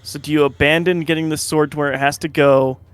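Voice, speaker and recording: A man's voice: fairly high pitch, little pitch movement, fast, smooth. A man chatting casually beside a gamer, curious and joking, asking lots of questions. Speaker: co-host watching a game stream. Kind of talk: casual chat while gaming.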